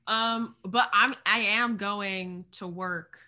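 Bright-voiced young woman chatting casually. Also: medium pitch, fairly even intonation. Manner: chatty, rambling with fillers and quick laughs. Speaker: podcast co-host. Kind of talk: casual chat.

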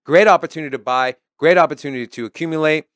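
A man's voice: fairly high pitch, racing, fairly bright tone, clean tone, dry recording, studio quality. A man co-hosting a podcast in casual chat, explaining price charts and joking with his co-host.

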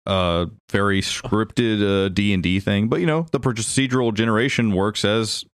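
Low-voiced joking man on a podcast. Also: normal speed, clear, resonant tone, no room sound, clean studio sound. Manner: joking, swears freely. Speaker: podcast co-host. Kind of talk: casual chat.

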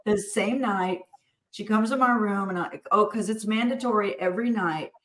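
A woman's voice: medium pitch, normal speed, slight background noise. Echoey-voiced woman telling family stories. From Texas. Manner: animated, acts out family dialogue. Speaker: entrepreneur guest. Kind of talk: casual interview storytelling. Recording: echoey room.

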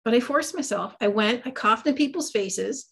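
A woman's voice: fairly high pitch, lively intonation, moderate pace, vocal fry, fairly bright tone, breathy edge. Chatty middle-aged woman telling her story. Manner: chatty and self-deprecating, many fillers. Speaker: guest, psychic medium and Reiki master. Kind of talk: casual interview storytelling.

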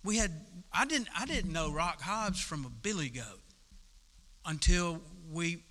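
A man's voice: a little high, animated, a little slow, pushed and bright, in a large hall. A man preaching a sermon in a folksy, conversational way, with casual asides to the congregation. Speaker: pastor. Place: church sanctuary.

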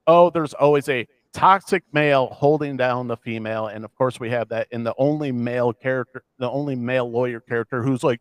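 A man from the American Midwest co-hosting a casual podcast chat, talking in animated, ranting bursts with a self-deprecating streak. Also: medium pitch, normal speed, clean tone, no room sound. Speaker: podcast co-host.

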